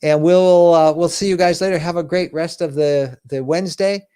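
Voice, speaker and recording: A man's voice: a little high, steady tone, normal speed, warm tone, clean tone, dry recording, studio quality. A middle-aged man hosting a live RV question-and-answer stream, chatty and upbeat, thanking viewers by name. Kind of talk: casual live-stream chat.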